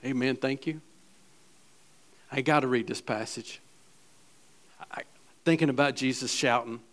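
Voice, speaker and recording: A man preaching a sermon, reading scripture aloud and swinging between hushed, quiet passages and loud, fervent ones. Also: mid-range voice, steady tone, measured pace. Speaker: pastor.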